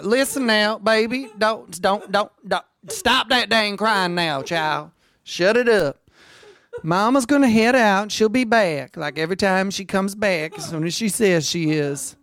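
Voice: medium pitch, a little slow, fairly bright tone. A performer playing a neglectful, drunk hillbilly mother, drawling, coaxing and cursing.

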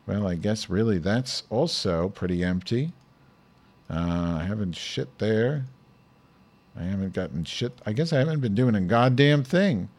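Deep-voiced crude rambling man. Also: expressive, measured pace, darkish tone. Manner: crude, profane, self-talking. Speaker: show host. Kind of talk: rambling live show chat. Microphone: lavalier and stand mic.

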